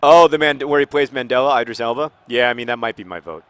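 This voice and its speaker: A man in his thirties hosting casual, rambling chat over live gameplay, with restarts and sudden excited outbursts at the game. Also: medium pitch, fast talker, smooth, no room sound. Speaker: host.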